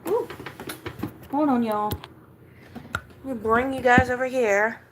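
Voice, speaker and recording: A woman hosting a casual livestream, tired and lethargic, swearing offhandedly, and switching to high sing-song baby talk when she talks to her cat. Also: fairly even intonation, slow pace, pauses often, fairly bright tone, a little hiss or hum, low-quality recording. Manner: low-energy, sluggish, swearing casually. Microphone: camera mic.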